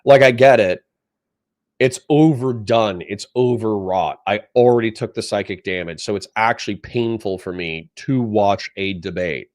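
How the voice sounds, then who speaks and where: A young man hosting a casual livestream, reading chat comments aloud and reacting in a profane, animated way. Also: lowish voice, normal speed. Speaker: livestream host.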